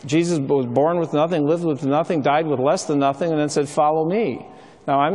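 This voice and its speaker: A middle-aged man preaches in a relaxed, storytelling way, sprinkling his talk with ums and uhs. His voice sits a little higher than most men's, and a long reverb trails after each phrase, as if he stands in a large hall. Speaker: speaker. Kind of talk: sermon.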